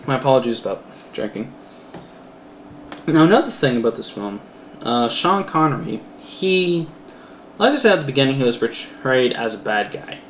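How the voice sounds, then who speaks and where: A man's voice: medium pitch, big pitch swings, moderate pace, pauses often. A man casually reviewing a film for a class, rambling with many fillers and self-corrections. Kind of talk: casual spoken movie review. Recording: roomy echo, faint background noise.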